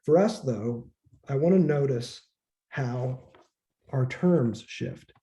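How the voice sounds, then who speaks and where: Taking it slowly, a man with a dark, medium-pitched voice delivers an informal lecture in a conversational manner. Now and then he swears, and he acts out quoted voices.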